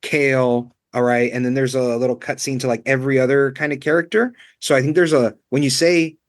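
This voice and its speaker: A man chatting casually about books in a dry, close-sounding room. He talks in a loose, rambling way, padding his thoughts with fillers at a middle pitch. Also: steady tone, brisk, dry recording. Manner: chatty, fills with "you know" and "um". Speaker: book club co-host. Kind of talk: casual book discussion.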